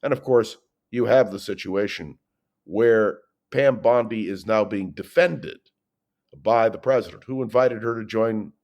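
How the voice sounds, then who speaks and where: A man hosting his own political podcast, delivering emphatic commentary with pointed questions and dramatic pauses. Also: on the low side, darkish tone. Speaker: political talk show host.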